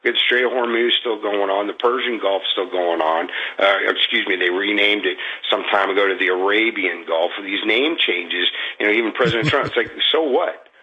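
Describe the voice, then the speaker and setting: Male caller on a dull, lo-fi phone line, bright and husky, rambling and frustrated. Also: on the low side. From Florida. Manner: rambling, frustrated, halting with fillers. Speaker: radio caller. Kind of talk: call-in venting.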